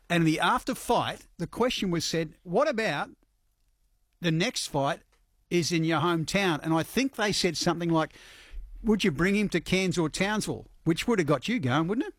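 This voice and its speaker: A man hosts a radio chat in a fairly high voice, upbeat and chatty as he steers the talk. His sound is dry and close. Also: no echo. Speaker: radio host. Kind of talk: radio interview.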